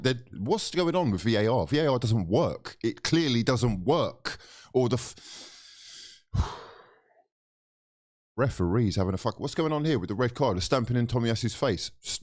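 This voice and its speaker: A young man, ranting in exasperation and swearing as a football fan reacting to a loss, swinging between shouting and muttering. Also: mid-range voice. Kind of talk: angry fan reaction rant.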